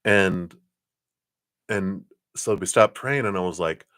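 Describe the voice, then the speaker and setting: Man, low voice, middle-aged, live-stream card reader, casual chat, frequent chuckles. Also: slow, a bit bright. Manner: chatty, chuckles often, clears throat often.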